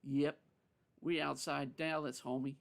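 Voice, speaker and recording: A man's voice: mid-range voice, steady tone, normal speed, gravelly. A man voicing a weary woman from near Dallas who hides her sadness behind a friendly, slightly raised tone. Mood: warm.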